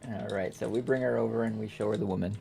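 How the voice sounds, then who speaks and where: A man playing a tabletop game, chatting casually and trailing off quietly. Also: fairly low pitch, steady tone, fast talker, creaky, slightly rough, faint music behind. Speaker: player.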